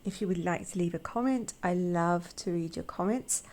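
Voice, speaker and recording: A woman hosting an art channel, chatting casually with a croaky voice, gushing and halting with repeated words. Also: on the low side, darkish tone. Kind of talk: casual chat.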